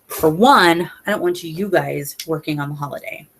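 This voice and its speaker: A woman's voice: low-pitched, moderate pace, creaky, fairly bright tone, breathy edge. Chatty woman giving team tips. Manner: chatty, many fillers, earnest and emotional. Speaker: independent sales consultant. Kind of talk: casual motivational talk to a sales team.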